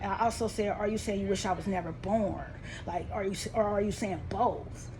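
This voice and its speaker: A woman telling a painful family story to her vlog audience. She speaks in a rambling, colloquial, heartfelt way, her voice rising and tightening when upset and falling soft and low when sad. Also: fairly quick, background noise. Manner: rambling and heartfelt, with many restarts and fillers; colloquial, with informal grammar. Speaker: vlogger. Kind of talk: emotional personal storytelling to camera.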